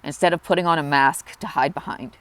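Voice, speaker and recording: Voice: medium pitch, a little fast, fairly bright tone. Earnest young vlogger in their twenties, open and reflective, close to tears at times, mid-range voice. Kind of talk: confessional personal vlog.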